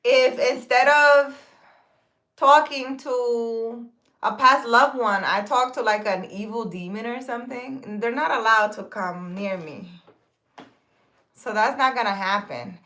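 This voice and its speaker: Her voice sits on the high side, with a sharp tone and a slow pace. A spiritual healer, she reads comments from her viewers aloud and answers them in a casual, rambling way, full of fillers and restarts.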